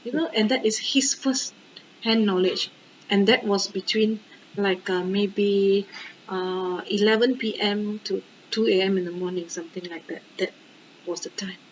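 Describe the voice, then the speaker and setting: A woman, a Buddhist nun and teacher, gives a dharma talk in an animated way, full of rhetorical questions and exclamations and often checking in with her listeners. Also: medium pitch, a little slow, dull audio, slight background noise.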